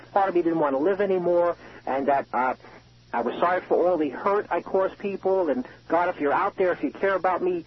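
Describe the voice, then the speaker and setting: Over a muffled prison payphone line, an inmate calls in with a high voice to give an earnest, emotional personal testimony, restarting often. Slight background noise can be heard.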